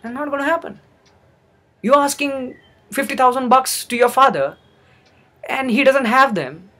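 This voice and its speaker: A man's voice: very high-pitched, normal speed, bright, forceful tone. A young man giving an earnest motivational talk, repeating phrases for emphasis. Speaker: motivational speaker. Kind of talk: motivational monologue.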